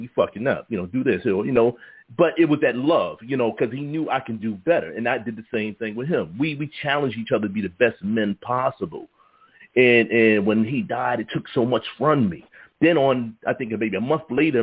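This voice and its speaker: A male talk show host speaking in a heartfelt, halting way, often restarting his sentences. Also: medium pitch, breathy edge. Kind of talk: emotional personal talk, then hosting. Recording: dull, lo-fi audio.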